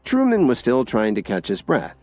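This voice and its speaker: A man narrating an audio drama series in an expressive storytelling manner. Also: medium pitch, moderate pace, dry recording, faint music behind.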